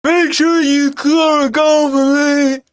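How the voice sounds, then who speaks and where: A man's voice: very high voice, flat delivery, pitched above the performer's own voice. A man imitating a rowdy adult male football fan who bellows and swears from the stands. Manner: shouting, sweary, slow and drawn out.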